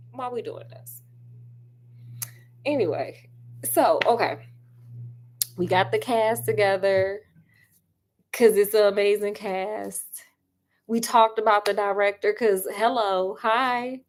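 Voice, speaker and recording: A woman chatting casually about a film with lots of asides, talking straight to her viewers while she does crafts at home. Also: medium pitch. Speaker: film reviewer.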